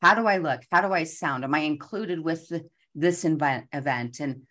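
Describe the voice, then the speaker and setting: A woman's voice: sits low, normal speed, fairly bright tone. A woman in her forties hosting a motivational talk, acting out her own inner voices. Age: 40s. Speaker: host.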